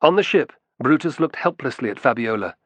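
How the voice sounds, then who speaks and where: A man narrating a historical novel in an expressive storytelling style. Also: medium pitch, fairly quick, dry recording. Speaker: audiobook narrator. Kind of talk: scripted narration.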